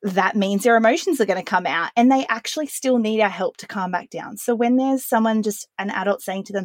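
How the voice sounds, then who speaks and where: A woman in her thirties talks through her parenting ideas in a calm, earnest podcast monologue. Her voice sits in an ordinary middle pitch, and the recording is dry and close, with no room sound. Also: brisk, few pauses, dry recording. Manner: calm, earnest, explaining with analogies. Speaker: podcast host.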